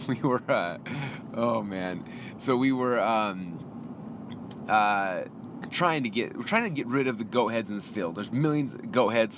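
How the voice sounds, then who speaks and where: A man's voice: fairly low pitch, noisy background. A man hosting a podcast, telling a story in a casual ranting monologue and acting out both sides of the conversation. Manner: gets heated and fast when exasperated. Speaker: podcast host. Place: inside a car.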